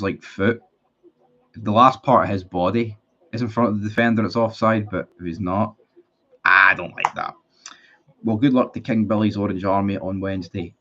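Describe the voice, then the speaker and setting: A man hosts a casual livestream. He rambles bluntly, swears freely and restarts his sentences often. His voice sits fairly low and comes through dull, lo-fi stream audio. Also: bright, forceful tone, a little hiss or hum. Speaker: livestream host. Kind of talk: casual livestream chat reading viewer comments.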